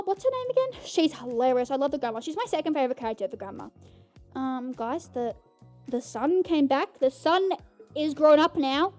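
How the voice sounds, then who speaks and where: On her podcast, a young woman with a high, somewhat mellow voice reviews a movie casually, wandering off on tangents. She's bubbly and keeps addressing listeners as "guys."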